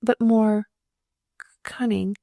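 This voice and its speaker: A woman's voice: fairly high pitch, steady tone, takes it slowly, vocal fry, mellow, no room sound, clean studio sound. A woman voicing a meek young woman nurse who talks in a faltering, timid way. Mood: tearful.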